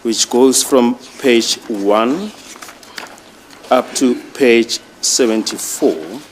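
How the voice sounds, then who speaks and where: A man addressing a judge in a courtroom, reading out exhibits in a formal, deliberate way. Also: mid-range voice, a little hiss or hum. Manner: slow, deliberate, reads exhibit lists. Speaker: prosecutor.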